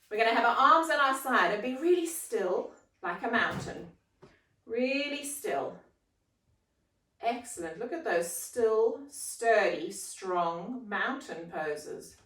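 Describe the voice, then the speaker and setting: A woman guides young children through yoga in a playful, encouraging sing-song. She speaks slowly in a fairly high voice. Her voice is distant and echoes around the room. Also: bright, forceful tone. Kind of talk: guided kids' yoga class.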